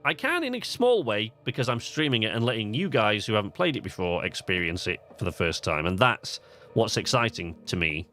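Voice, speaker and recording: A man's voice: lowish voice, big pitch swings, a little fast, pushed and bright, a little hiss or hum. A man streaming a video game live, chatting eagerly to his viewers, with plenty of fillers. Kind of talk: gaming livestream commentary.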